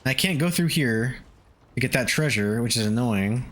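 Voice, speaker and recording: Animated young man streaming a game. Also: medium pitch, normal speed. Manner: animated, swears and yelps at the game, laughs often. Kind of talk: casual gameplay livestream chat.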